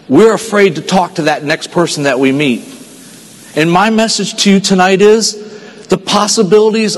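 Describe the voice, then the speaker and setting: A man from Texas giving an earnest motivational stage speech at a sales convention, telling a story and dropping his voice quiet for the sad parts. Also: high voice. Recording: long hall reverb.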